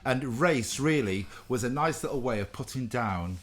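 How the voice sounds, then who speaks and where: A man's voice: medium pitch, expressive, normal speed. A man co-hosting a live online show, cracking jokes and lecturing with emphasis. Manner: jokey interjections, lectures with emphasis. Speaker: co-host. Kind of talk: live stream banter.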